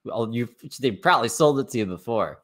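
A man's voice: medium pitch, expressive, fairly quick, fairly bright tone. A man reacting to a video on a live stream, making sarcastic, mocking asides in a casual way.

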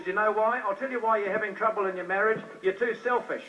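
A man's voice: high voice, steady tone, fast talker, a little hiss or hum. A man preaching an evangelistic sermon to a hall, repeating himself and firing questions at the crowd. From New Zealand. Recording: distant, dull old live recording.

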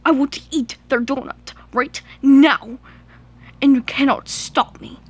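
A woman's voice: high-pitched, fairly even intonation, unhurried. Duncan, a woman voicing a grumpy bossy engine. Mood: demanding. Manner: loud, bossy and greedy. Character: grumpy demanding male engine. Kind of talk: homemade toy play-acting.

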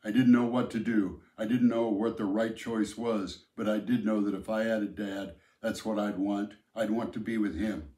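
A man narrating a novel aloud in the first person, telling the story in a measured, plain way. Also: on the low side, fairly even intonation, dark tone. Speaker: audiobook narrator. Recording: roomy echo.

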